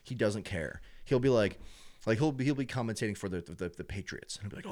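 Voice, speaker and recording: A young man chatting casually as a sports fan, rambling with lots of filler words and getting animated when he acts out fans and announcers. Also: fairly low pitch, brisk. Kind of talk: casual chat.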